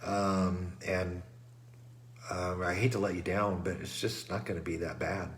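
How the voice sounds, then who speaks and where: A middle-aged man with a somewhat low voice briefs runners before a race, sounding stuffed up and congested from trail dust. Like a race director chatting through the rules, he talks casually and ramblingly with lots of ums and restarts, in a level tone, a little slow, with slight background noise.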